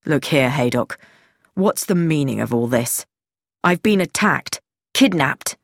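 A woman's voice: low voice, unhurried, darkish tone, no room sound, studio quality. A woman doing a wry, captured older Englishman. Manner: wry, indignant. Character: captured older British man, wry and defiant. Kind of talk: audiobook reading.

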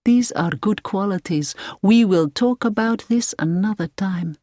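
A woman's voice: mid-range voice, warm tone, dry recording, studio quality, close to an everyday voice. Woman reading as a soothing, menacing old man. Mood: calmly menacing. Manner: slow, measured, soothing. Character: calm, businesslike elderly man, softly menacing captor.

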